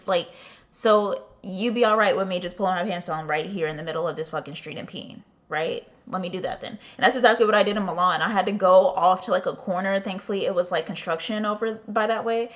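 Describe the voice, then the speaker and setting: A woman's voice: medium pitch, a little fast. A young adult woman telling a casual storytime for her vlog, chatty and profane, with lots of "like". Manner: profane, chatty, heavy use of "like". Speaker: vlogger.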